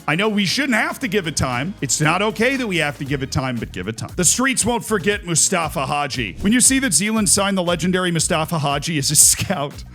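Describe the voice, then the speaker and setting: A man with a somewhat high voice riffs through video game memes in a casual, joking way. He swings into exaggerated mock outrage and dry sarcasm. Faint music plays underneath his talk. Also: a bit bright. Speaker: gaming YouTuber reacting to memes. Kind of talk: casual comedic commentary.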